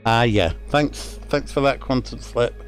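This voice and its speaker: A man's voice: medium pitch, unhurried, soft background music. A middle-aged man from England with a Lancashire accent, giving casual, rambling commentary on a fishing game with many fillers and restarts. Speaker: streamer.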